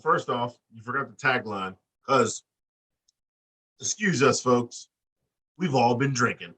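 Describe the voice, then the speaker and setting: A man co-hosting a wrestling podcast, talking in loose, profane banter with big animated swings in his voice. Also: slow, slightly rough. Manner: animated, profane, acts out quotes with big pitch jumps. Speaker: podcast co-host. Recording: distant mic.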